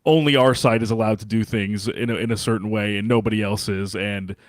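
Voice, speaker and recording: A man's voice: fairly low pitch, fairly even intonation, brisk, no echo, studio quality. A man co-hosting a sports podcast in casual chat, rambling with many fillers and restarts. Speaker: podcast co-host.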